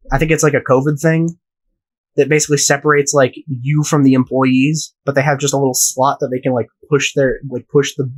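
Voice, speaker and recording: A man's voice: fairly high pitch, low-quality recording. A young man from the United States telling a rambling, profane story in casual podcast chat. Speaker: podcast host.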